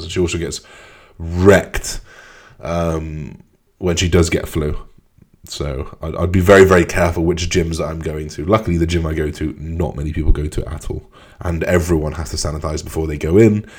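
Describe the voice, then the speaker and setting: A man's voice: low-pitched, a little mellow, slightly rough. A man hosting his own podcast, answering listener questions in a loose, frank way and swearing casually. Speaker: podcast host.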